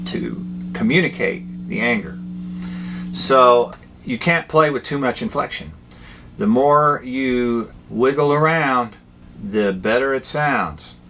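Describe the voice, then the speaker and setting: A man's voice: medium pitch, slow, fairly bright tone, slight background noise. A man teaching guitar, explaining phrasing and inflection in a plainspoken way and checking in with short questions. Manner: plainspoken, explains by spoken-language analogies, checks in with "okay?" and "right?". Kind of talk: demonstrating at the guitar. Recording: guitar playing between and under the talk.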